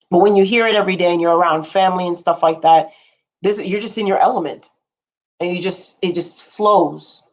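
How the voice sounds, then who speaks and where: A woman's voice: on the low side, darkish tone. A young woman hosting a casual livestream, rambling frankly with blunt asides and casual swearing, and answering viewer comments as she talks. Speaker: livestream host.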